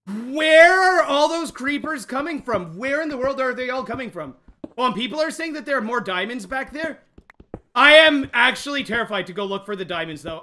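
A young man streaming a game live, jumpy and excitable, talking straight to his chat. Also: very high-pitched. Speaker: gaming livestreamer. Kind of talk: live let's-play commentary.

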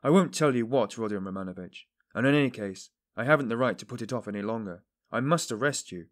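A man's voice: mid-range voice, animated, fast, natural voice. A man voicing an earnest middle-aged police investigator who pleads fervently with a suspect in an audiobook. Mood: urging.

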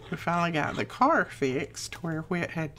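A woman's voice: fairly low pitch, lively intonation, moderate pace, a bit bright, slight background noise. A middle-aged woman hosting a crafting channel, chatting casually and rambling homey stories as she works.

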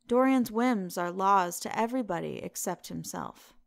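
A woman's voice: mid-range voice, moderate pace, creaky, natural voice. A woman reading the lines of an earnest, worried male painter in a storybook reading, in an earnest, slightly fretful way.

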